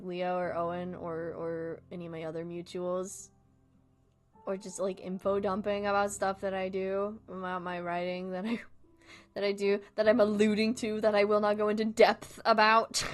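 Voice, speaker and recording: A young woman streamer talks in loose, rambling casual chat, often breaking into giggles and swearing freely. Her voice sits at an ordinary middle pitch. Faint music plays quietly behind her.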